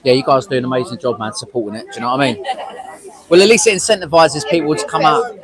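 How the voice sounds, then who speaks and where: An English man hosts a casual livestream from an outdoor protest, reeling off greetings to viewers by name. His voice sits at an ordinary middle pitch. A clear crowd murmur runs behind him on the outdoor phone recording. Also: fast talker, low-quality recording. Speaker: livestream host.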